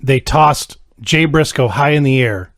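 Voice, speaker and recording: A man's voice: medium pitch, a little slow, a bit bright, no echo. Man tossing in dry quips. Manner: short dry quips and asides. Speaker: podcast co-host. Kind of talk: casual podcast chat.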